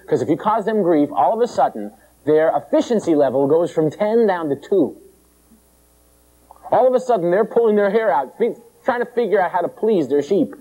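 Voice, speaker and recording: A male preacher giving a conversational, animated sermon and acting out the characters in the story. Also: high voice, muffled recording.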